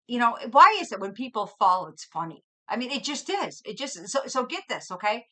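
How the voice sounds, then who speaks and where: Middle-aged woman, live-stream host, chatty and bubbly, crisp bright tone. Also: medium pitch. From Minnesota. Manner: bubbly, chatty, greets viewers by name with lively swings in loudness. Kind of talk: casual live-stream chat.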